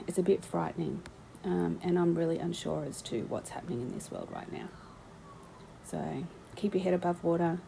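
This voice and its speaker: A woman's voice: lowish voice, gravelly, mellow, slight background noise, poor audio. A woman, giving rambling, opinionated commentary full of ums as she talks through her screen. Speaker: vlogger. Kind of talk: casual screen-share commentary.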